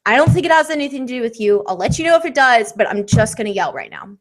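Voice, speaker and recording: A woman co-hosts a relaxed podcast conversation, her voice sitting somewhat high. She talks candidly and rambles, filling pauses with frequent ums. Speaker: podcast co-host. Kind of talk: casual chat.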